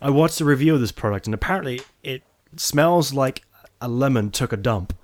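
A man co-hosting a comedy podcast, explaining odd products and news in a plain, deadpan way. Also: medium pitch, a little fast. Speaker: podcast co-host. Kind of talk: casual comedy chat.

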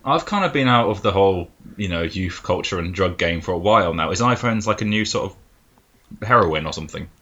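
A man co-hosting a casual comedy chat, offering dry deadpan asides. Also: low-pitched, a little fast, highs cut off. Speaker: podcast co-host.

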